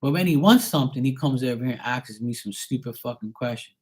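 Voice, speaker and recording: A man's voice: medium pitch, expressive, quick pace, hardly any pauses. Man ranting, profane and heated. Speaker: vlogger. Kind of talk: rambling personal rant.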